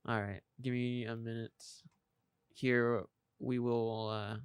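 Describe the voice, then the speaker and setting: A man's voice: mid-range voice, level tone, takes it slowly, clear, resonant tone, dry recording. A young man co-hosting a college radio show, talking in an easygoing, rambling way. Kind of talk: casual chat. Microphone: studio mic.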